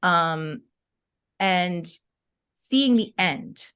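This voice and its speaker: A woman's voice: on the low side, expressive, drawn-out words, fairly bright tone, clean tone. A young adult woman co-hosting a podcast, chatting casually and telling stories expressively, full of "like" and "right?". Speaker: podcast co-host.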